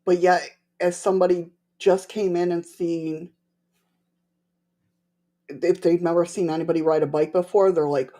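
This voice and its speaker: A woman's voice: on the low side, steady tone, moderate pace, long pauses, mellow. A woman with a slight lisp, hosting a livestream and chatting casually with her viewers in a rambling, laughing way. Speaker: livestream host.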